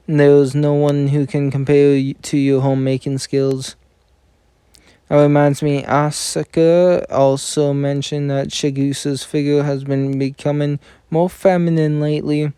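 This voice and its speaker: A man reading game story dialogue aloud in a plain, even manner, often stumbling over words and correcting himself. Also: fairly high pitch, clear, resonant tone, no room sound. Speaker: reader of game story scenes.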